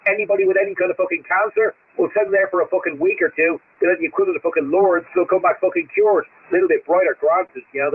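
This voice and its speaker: A man's voice: a little high, slightly rough. Swearing Australian man ranting over CB radio. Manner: blunt, swears constantly, ranting. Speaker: CB radio operator. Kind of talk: profane radio chat. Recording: tinny radio line with faint noise.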